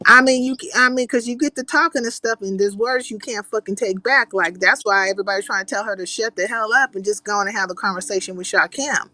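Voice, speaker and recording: A woman's voice: mid-range voice, fast talker, few pauses, sharp tone, no echo. A woman hosting a casual livestream chat, blunt and profane, reading out viewer comments and giving her opinion. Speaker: livestream host.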